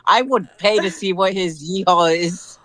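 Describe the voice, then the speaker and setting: A woman's voice: on the low side, measured pace, a bit bright. A woman chatting casually with a friend and eagerly asking her questions. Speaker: friend on voice chat. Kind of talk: casual chat.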